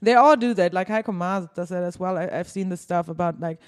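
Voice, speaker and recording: A woman's voice: on the low side, fairly quick, smooth. Woman co-host, loose casual chat, giggles and swears often.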